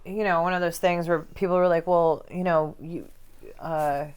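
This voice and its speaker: Low-voiced chatty woman, clear tone. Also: level tone, a little mellow. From grew up moving around as an army kid. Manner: chatty, quick asides, swears casually. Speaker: comedy club owner, podcast guest. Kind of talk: casual podcast chat.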